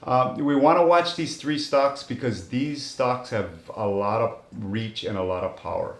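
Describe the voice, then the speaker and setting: A man who is an investment strategist on a finance show, explaining things in a measured way with frequent fillers. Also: medium pitch, reverberant.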